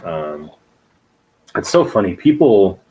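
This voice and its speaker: A man in a casual chat about art supplies, talking haltingly with many fillers. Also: sits low, big pitch swings, warm tone, slight background noise, low-quality recording. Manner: halting, filler-heavy talk. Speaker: guest artist.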